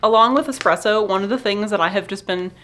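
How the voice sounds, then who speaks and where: A young woman vlogging candidly about feeling lonely, talking in a soft, halting way and a little teary, with nervous laughs. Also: mid-range voice, a little hiss or hum. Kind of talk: candid personal vlog.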